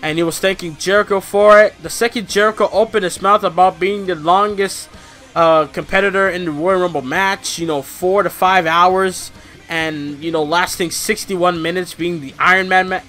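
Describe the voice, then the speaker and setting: A man giving a casual wrestling review, rambling and swearing and ranting with energy. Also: sits high. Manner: rambling, profane, animated ranting.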